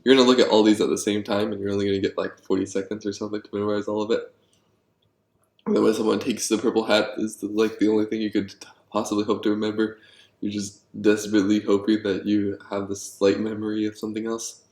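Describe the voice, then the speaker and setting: A man designing board games and thinking aloud, rambling and getting excited about his ideas, with many ums. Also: fairly low pitch, quick pace. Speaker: board game designer vlogger. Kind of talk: thinking aloud while brainstorming. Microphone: handheld camera. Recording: echoey room.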